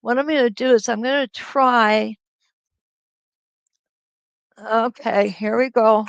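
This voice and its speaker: A woman's voice: a little high, steady tone, takes it slowly, creaky, clean tone, dry recording, dull audio. A middle-aged woman hosting a live quilting stream, chatting and laughing as she greets viewers by name over a webcam mic. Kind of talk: casual livestream chat greeting viewers. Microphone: computer webcam mic.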